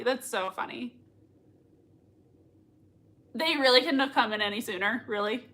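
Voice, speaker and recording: A woman's voice: a little high, moderate pace, long pauses, sharp tone. A young woman hosting a live reaction stream, gushing and squealing with emotion. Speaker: livestream reaction host. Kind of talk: excited live reaction chat.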